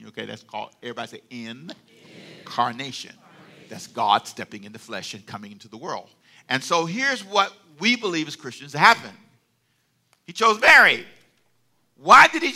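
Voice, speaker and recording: A male pastor delivers a lively sermon, coaxing the congregation to repeat after him and joking along the way. His voice sits high for a man and rings out very bright and forceful. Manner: animated call-and-response, with playful asides.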